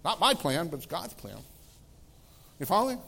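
A middle-aged man, a pastor, preaching a sermon in a conversational way, laughing between phrases and swinging from loud exclamations to hushed, soft tones. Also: high voice, sing-song, normal speed, creaky.

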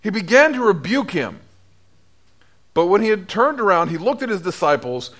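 A middle-aged man, a priest, preaching a sermon, telling the story with lively asides and acting out the voices of the people in it. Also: sits high, moderate pace.

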